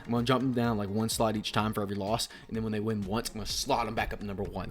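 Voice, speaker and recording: A young man hosting a casual sports ranking video, rambling and swearing as he swings from mumbles to loud outbursts. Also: fairly low pitch, fairly even intonation, rapid-fire, few pauses, a crowd in the background. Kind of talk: casual commentary vlog.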